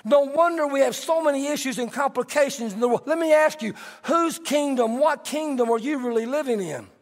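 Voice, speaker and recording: A man in middle age preaches with a strikingly high-pitched voice, moving between teaching and lively storytelling. His words ring out with a long echo in a large church hall. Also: fairly quick. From Texas. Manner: animated storytelling, conversational preaching. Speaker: pastor. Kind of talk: sermon.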